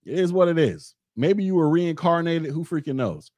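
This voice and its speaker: A man's voice: a little high, expressive, normal speed, a little mellow, no echo. A man hosting a podcast, talking in a blunt, rambling way straight to his listeners. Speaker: podcast host. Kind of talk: casual monologue podcast.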